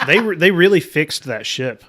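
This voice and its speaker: A man's voice: a little high, sing-song, normal speed, a crowd in the background. A man in casual chat, tossing in joking asides.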